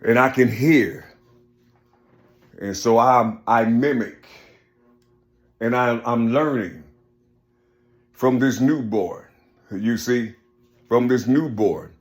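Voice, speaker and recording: A man takes his time with a rambling personal monologue, leaving long pauses. He keeps repeating "you see," stumbles and restarts, and shifts from low murmurs to raised, emphatic bursts.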